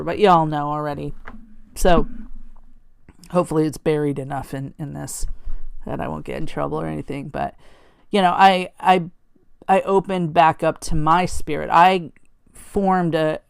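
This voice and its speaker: A woman's voice: low voice, gravelly, darkish tone, clear, resonant tone, no echo, clean studio sound. A middle-aged woman hosting a podcast, talking candidly and reflectively about her life, often stopping to restart her sentences. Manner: candid, conversational, halting with restarts; quotes her father in a raised, sweet voice. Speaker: podcast host. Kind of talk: personal reflective monologue.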